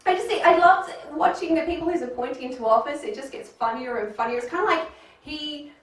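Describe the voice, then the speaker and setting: A woman with an Australian accent performing a stand-up comedy set, dry and deadpan with sudden excited bursts. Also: high voice, fast, far from the mic. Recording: echoey room heard from afar.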